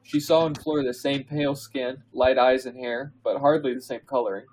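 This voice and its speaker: A man co-hosting a podcast, reading fan fiction aloud in a comedic dramatic reading, pausing for laughs and asides. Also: mid-range voice, fairly even intonation, darkish tone, husky, low-quality recording. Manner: reads slowly, breaks into laughs and asides.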